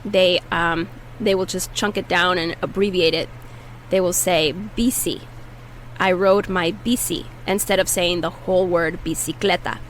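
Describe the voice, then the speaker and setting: A woman teaching a language lesson, patiently saying each word slowly and clearly so listeners can repeat after her. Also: on the low side, steady tone, a little hiss or hum, low-quality recording. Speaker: Spanish teacher.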